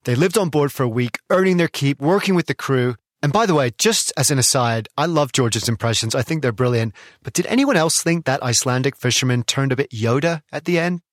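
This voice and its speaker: A man's voice: mid-range voice, brisk, no room sound, clean studio sound. A man hosting and narrating, retelling the events with enthusiasm and plenty of expression. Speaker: host, narrator. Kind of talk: documentary narration with commentary.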